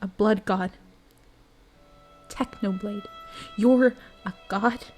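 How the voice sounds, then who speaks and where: A woman voicing a weak, dying young man in a storybook reading, pleading softly. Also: medium pitch, steady tone, very slow, soft background music. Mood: wistful.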